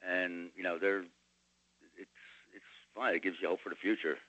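Lower-voiced man on lo-fi radio. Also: level tone, bright, forceful tone, no echo. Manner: halting, restarts a lot. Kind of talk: political talk radio. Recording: dull lo-fi radio sound.

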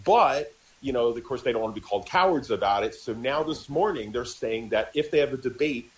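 Stammering talk radio man, mid-pitched. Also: animated, fairly quick, rough recording. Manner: stammering, repeats words while building an argument. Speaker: radio show co-host. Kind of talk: casual political talk radio chat.

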